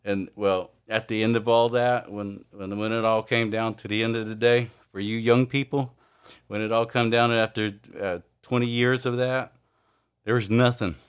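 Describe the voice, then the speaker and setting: A man giving an informal, earnest sermon, halting often with fillers and restarts. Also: fairly low pitch, fairly even intonation, smooth. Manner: earnest, confessional. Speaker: preacher.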